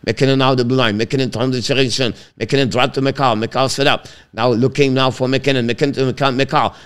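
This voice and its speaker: Excitable man calling hockey. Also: clear, resonant tone. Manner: rapid clipped calls, pitch jumping sharply on shots. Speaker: hockey play-by-play commentator. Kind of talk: live stream play-by-play commentary.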